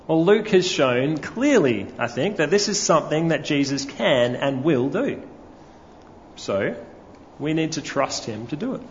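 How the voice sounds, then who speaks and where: Male preacher with a slightly high voice, storytelling sermon, dull lo-fi hall recording. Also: sing-song, a little slow, a little hiss or hum. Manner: storytelling, asks the congregation questions. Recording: lo-fi recording with long hall reverb.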